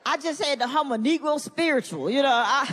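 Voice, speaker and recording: A middle-aged woman doing a stand-up comedy set, animated and swinging into loud mock voices for punchlines. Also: high-pitched, a little fast, background noise. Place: large hall with audience. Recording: live stage recording in a reverberant hall.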